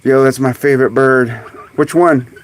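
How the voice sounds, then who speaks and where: A man hosting a casual live stream outdoors among his birds, chatting away and calling to them in high coaxing tones, recorded on a phone. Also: steady tone, moderate pace, slight background noise. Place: outdoors in a bird yard on a sunny day. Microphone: phone camera.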